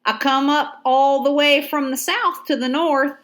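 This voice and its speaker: A woman's voice: sits high, steady tone, measured pace, a bit bright, pitched above the performer's own voice. A woman reading an audiobook, voicing a polite young male Confederate soldier with a dense, twangy North Georgia accent. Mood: easygoing. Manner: polite, folksy. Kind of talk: audiobook character voice.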